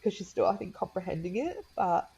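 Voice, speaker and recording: Low, gravelly-voiced woman telling her story. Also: animated, brisk, mellow, muffled recording. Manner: chatty, many fillers and laughs, acts out her daughter's lines in a high voice. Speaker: podcast guest. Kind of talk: emotional personal storytelling.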